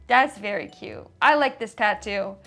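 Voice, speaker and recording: A woman's voice: medium pitch, unhurried, creaky, a bit bright. A woman hosting a comedic reaction video, chatty and sarcastic with playful asides. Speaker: host.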